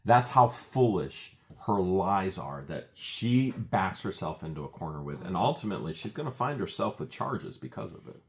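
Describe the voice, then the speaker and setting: A man's voice: low-pitched, big pitch swings, normal speed, few pauses. A man co-hosting a casual talk show, commenting indignantly and emphatically on a court case. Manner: emphatic, indignant, quotes testimony. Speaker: podcast co-host.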